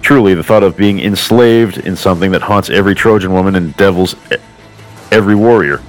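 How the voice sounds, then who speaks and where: A man voicing a self-mocking legendary queen in a low voice, flowery and formal one moment and crudely self-deprecating the next, with faint music behind. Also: brisk, close to an everyday voice, low-quality recording. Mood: wry.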